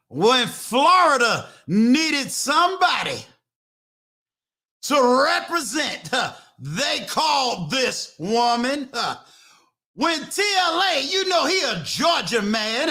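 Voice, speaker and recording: An older man hosting a live-streamed talk show, emphatic, booming out introductions and shout-outs. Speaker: host.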